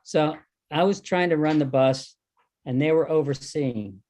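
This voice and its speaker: Older man telling a lively anecdote. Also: on the high side, measured pace. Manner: animated storytelling, acting out quoted exchanges. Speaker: devotee recalling service. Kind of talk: anecdotal talk at a reunion.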